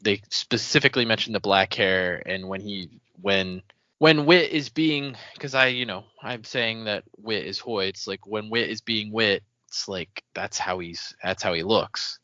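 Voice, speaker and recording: A man's voice: on the low side, measured pace, sharp tone, dry recording. A man co-hosting a casual book discussion podcast, making joking asides. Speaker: podcast co-host. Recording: dull, muffled audio.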